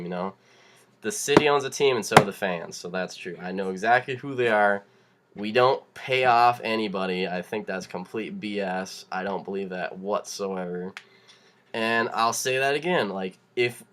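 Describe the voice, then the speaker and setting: A man's voice: mid-range voice, a bit bright. Young guy, casual fired-up rant delivered with laughs and restarts. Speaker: vlogger.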